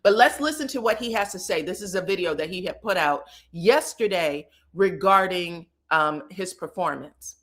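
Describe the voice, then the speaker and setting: A woman hosting casual pop-culture commentary, chatty and animated, talking straight to her viewers. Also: on the low side, moderate pace, hardly any pauses. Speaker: commentary host.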